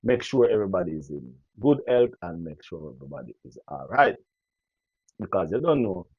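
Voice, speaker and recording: A Jamaican man vlogging to his viewers in casual patois, animated and preachy, often repeating phrases. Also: on the low side, no room sound. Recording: dull lo-fi dry recording.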